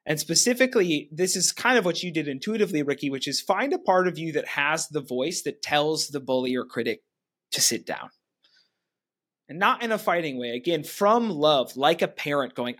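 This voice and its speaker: A man's voice: on the high side, animated, normal speed, a bit bright. A man co-hosting a casual podcast discussion, reflective and open, often voicing his own inner dialogue. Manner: reflective, speaks in self-talk quotes. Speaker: podcast co-host, leadership coach.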